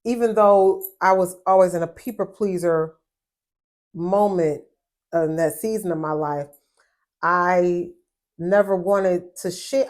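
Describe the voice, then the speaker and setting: A woman co-hosting a podcast in casual chat, animated and often repeating words as she starts a thought. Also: on the low side, slow pace. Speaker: podcast co-host.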